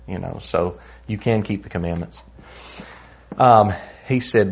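A man's voice: deep voice, a little slow, vocal fry, slightly rough. A man teaching a Bible lesson in an earnest, conversational way, telling personal stories along the way. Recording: dull lo-fi recording.

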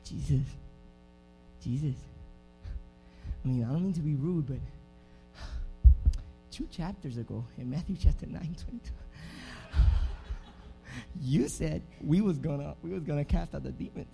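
A young man preaching a lively sermon in a church, moving from hushed talk to shouting and acting out scenes. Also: fairly high pitch, unhurried, vocal fry, long pauses, soft background music. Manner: animated, swings from hushed to shouting, acts out scenes. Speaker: pastor.

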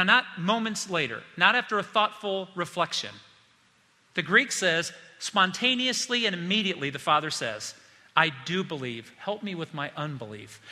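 Impassioned preacher, bright voice in a reverberant hall. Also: male voice, sits high. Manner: impassioned, acts out quoted voices. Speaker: pastor. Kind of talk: sermon.

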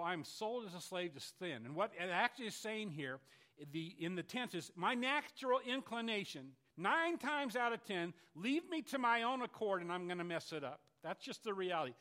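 A man's voice: high voice, bright, forceful tone. A male pastor preaching a sermon in an earnest, confessional way, often restarting his sentences.

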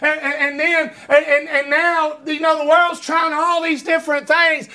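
A man preaching a fervent sermon, often shouting and stumbling over repeated words. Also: very high-pitched, little pitch movement, moderate pace, few pauses.

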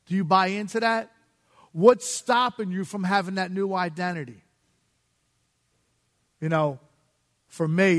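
A man sharing his personal testimony in a sermon, casual and self-laughing, with street slang. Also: a little high. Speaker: guest speaker giving testimony in church. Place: church sanctuary. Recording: long reverb of a church hall.

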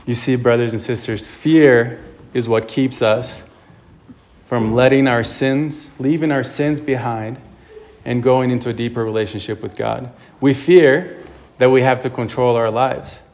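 A man's voice: medium pitch, darkish tone. A man, a priest, preaching a sermon and retelling a film scene with emphatic storytelling.

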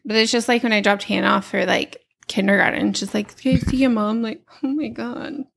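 A woman's voice: on the high side, steady tone, brisk, creaky. A woman in her thirties co-hosting a casual podcast chat with her husband, blunt and teasing. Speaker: podcast co-host.

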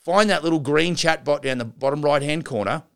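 Gravelly rambling man coaching builders. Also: a little high, brisk, a bit bright. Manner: rambling, with frequent restarts and asides; direct, addresses listeners as guys and gals. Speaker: podcast host and renovation business coach. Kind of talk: casual instructional talk.

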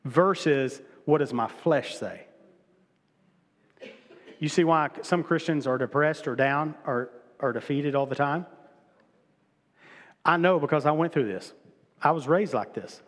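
A man's voice: fairly high pitch, moderate pace, fairly bright tone, long reverb tail. A middle-aged male pastor preaching a sermon in a casual, conversational way, often repeating himself and restarting phrases. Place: church sanctuary.

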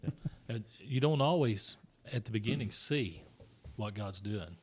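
A man hosting an interview, talking in a calm, relaxed way. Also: lowish voice, a little slow, husky. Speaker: host.

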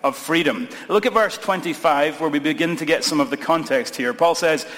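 Scottish pastor preaching in a reverberant hall. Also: male voice, a little high, brisk, fairly bright tone. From Scotland. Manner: conversational, lightly humorous preaching. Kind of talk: sermon. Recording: long reverb of a large hall.

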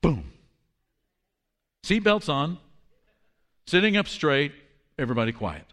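Pastor, male, fifties, somewhat high-pitched, animated sermon storyteller. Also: moderate pace, big-room sound. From Washington, D.C. area. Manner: storytelling, animated with drops to a hush for quoted lines.

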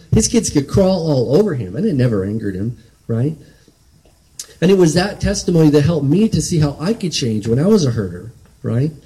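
Mellow-voiced man preaching a sermon. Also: medium pitch, poor audio. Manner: earnest, conversational, frequent restarts and "right?" tags.

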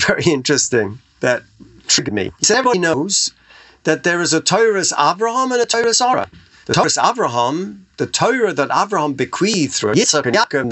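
A man's voice: sits high, fairly bright tone. A man giving a Torah lecture over a video call, asking rhetorical questions and weaving in Hebrew terms. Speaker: Torah teacher.

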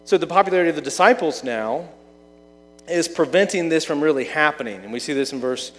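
A man preaching a sermon in a relaxed, conversational way, asking the listeners questions. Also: a little high, brisk, long reverb tail. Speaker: pastor.

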